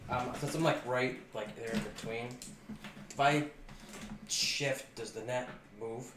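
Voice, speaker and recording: A man's voice: mid-range voice, slow pace, a bit bright. Tentative man player, distant and noisy. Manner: tentative, questioning. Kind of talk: casual tabletop play. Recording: distant, echoey, noisy room.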